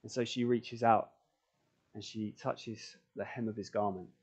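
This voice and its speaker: A man's voice: lowish voice, steady tone, a little slow, a little mellow, breathy edge. A man preaching a sermon in church, earnest and building emphasis through repeated phrases. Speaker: pastor. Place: church, recorded for online stream.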